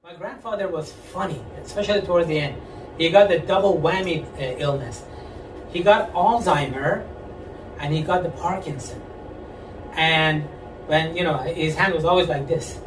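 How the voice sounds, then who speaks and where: High-voiced stand-up comic in an echoey club. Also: male voice, moderate pace. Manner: deadpan joke delivery, high-pitched voices for quoted people. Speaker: stand-up comedian. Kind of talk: stand-up comedy set. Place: comedy club stage. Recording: echoey club audio from far off, with crowd. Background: audience laughter and room noise.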